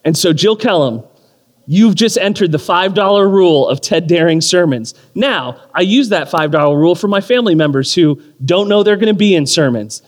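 Man, 30s, pastor; lively, self-mocking sermon storyteller, slightly high voice, long hall reverb. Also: moderate pace. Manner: animated storytelling with self-deprecating humor. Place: church or community hall.

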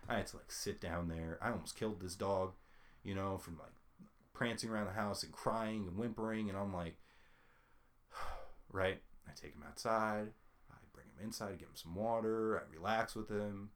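A young man with a fairly low-pitched voice tells a story in a casual chat. He swears constantly and rants with animated frustration, laughing his way between complaints. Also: moderate pace. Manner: profane, animated ranting storyteller.

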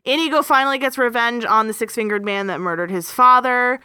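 A woman co-hosting a chatty podcast, her voice bright and crisp. She sounds lively and quick with her asides. The sound is close and dry. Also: on the high side, dry recording. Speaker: podcast co-host. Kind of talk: casual chat.

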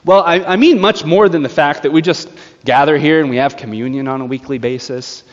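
A male pastor preaching a sermon, telling a story in an animated way. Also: fairly high pitch, a little fast. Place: church sanctuary. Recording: echoey church hall, slightly dull.

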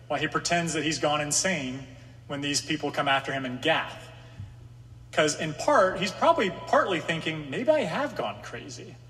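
A man's voice: a little high, fairly bright tone. A man preaching a conversational sermon to a room of listeners, sometimes voicing the psalmist's anxious pleas. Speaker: pastor. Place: room with an audience. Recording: long hall reverb.

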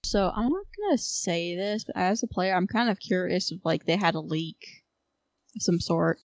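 A woman's voice: on the low side, animated, moderate pace, no room sound. A woman playing in a tabletop game, chatting casually with many fillers. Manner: hesitant, filler-heavy. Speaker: player. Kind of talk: casual chat.

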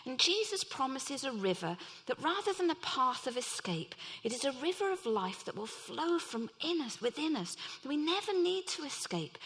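A woman's voice: sits high, a bit bright. A middle-aged woman preaching a sermon, earnest and telling personal stories. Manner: earnest, acts out quoted voices.

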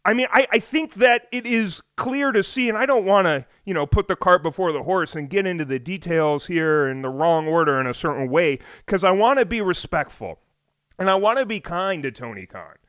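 A man hosting a solo wrestling podcast, talking animatedly with rhetorical questions and swings between loud and hushed delivery. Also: high voice, lively intonation, normal speed, dry recording, clean studio sound. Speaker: podcast host. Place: home on the US West Coast.

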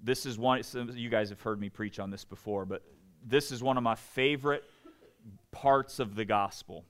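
Conversational preacher man asking "right?". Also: normal speed. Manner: acts out quoted voices with big swings in pitch and loudness. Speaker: pastor. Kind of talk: sermon.

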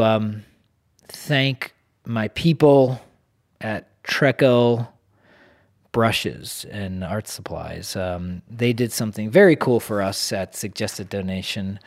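Slow, low-voiced male podcast host. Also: darkish tone. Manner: unhurried, rambling with many fillers. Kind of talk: sponsor read and outro.

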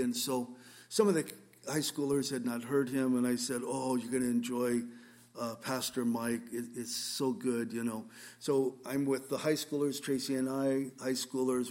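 Earnest man preaching conversationally. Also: mid-range voice. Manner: earnest, storytelling, with restarts. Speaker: pastor. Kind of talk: conversational sermon.

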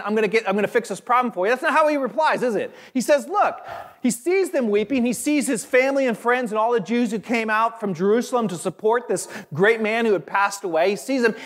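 Animated preaching man in a reverberant hall. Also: extremely high pitch. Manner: animated, conversational preaching with asides. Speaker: pastor. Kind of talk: sermon.

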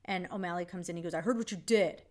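A woman's voice: on the low side, fast. A woman co-hosting a podcast, recapping an episode in a chatty, blunt way. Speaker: podcast co-host. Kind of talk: casual chat.

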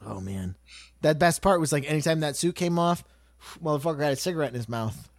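A man chatting casually on a podcast, animated and swearing freely. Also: fairly high pitch, a little fast, dry recording, clean studio sound. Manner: animated, swearing, quoting people in put-on voices.

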